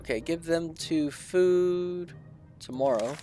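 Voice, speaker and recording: A man's voice: on the high side, takes it slowly, dark tone, soft background music. A man commenting casually while he plays a game, muttering his choices and reading the event text aloud. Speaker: gameplay video creator.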